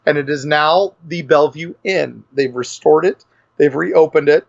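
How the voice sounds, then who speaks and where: A man's voice: fairly high pitch, normal speed, vocal fry. A man, a guest author, telling a rambling, enthusiastic story in a casual podcast chat. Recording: lo-fi dull podcast audio.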